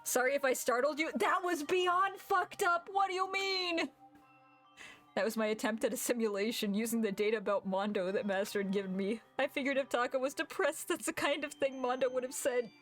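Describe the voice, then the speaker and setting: A woman streamer reading game dialogue aloud and reacting with loud, swearing outbursts and laughter. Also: on the high side, fairly even intonation, fast, hardly any pauses, soft background music.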